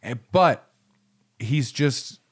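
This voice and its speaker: A man's voice: medium pitch, lively intonation, very slow, husky. A young man casually telling a long story on a studio podcast, rambling with fillers and swearing freely. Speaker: podcast co-host. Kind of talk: casual chat.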